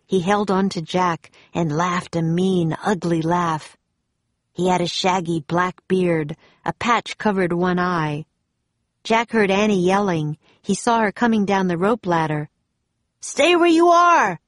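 A woman reading a children's adventure story aloud in a calm, steady manner. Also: fairly low pitch, measured pace, dry recording, studio quality.

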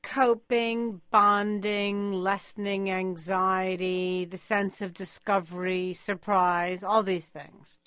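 A woman hosting a public radio interview, asking playful, lively questions. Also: mid-range voice, slow pace, hardly any pauses, clear, resonant tone, no echo, studio quality.

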